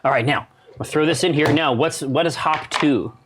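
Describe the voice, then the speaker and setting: A man's voice: a little high, moderate pace. A man co-hosting a casual livestream who jokes around and moves the brewing steps along with questions. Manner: jokey, leads the brewing steps by asking questions. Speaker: co-host. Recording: noisy room audio.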